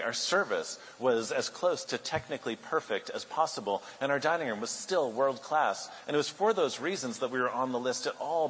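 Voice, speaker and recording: A man giving a keynote speech at a luncheon, an animated storyteller who builds to loud outbursts. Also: medium pitch, slight background noise. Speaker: keynote speaker. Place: large banquet hall. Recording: echoey hall, faint ambience.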